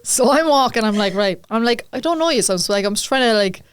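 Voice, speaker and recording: A woman's voice: medium pitch, fast, clean tone, dry recording, studio quality. A young Irish woman co-hosting a podcast, telling a rambling story with frequent laughs and acted-out thoughts. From Ireland. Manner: rambling, laughs often, acts out her own thoughts. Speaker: podcast co-host. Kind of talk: casual storytelling chat.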